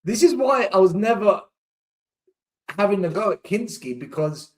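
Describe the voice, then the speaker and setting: A man's voice: sits high, very animated, moderate pace, pauses often. A young man hosting a live football watchalong, exasperated, swearing and repeating himself as he reacts. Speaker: fan channel host. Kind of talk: live match watchalong commentary.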